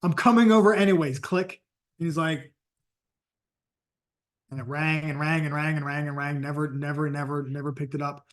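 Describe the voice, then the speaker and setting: Casting: man, sales coach, emphatic storyteller, voice sitting a bit high. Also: monotone, normal speed, pauses often, fairly bright tone. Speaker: sales and network marketing coach. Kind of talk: motivational training talk.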